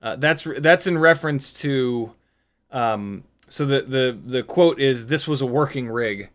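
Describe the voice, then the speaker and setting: A man's voice: medium pitch, measured pace, fairly bright tone. A sleepy man in his forties or older hosting a drone livestream in casual chat, reading viewer comments aloud and rambling candidly with lots of fillers. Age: 40s or older. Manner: rambling and candid, with frequent fillers and self-mocking asides. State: tired, sleep deprived. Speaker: FPV drone livestream host.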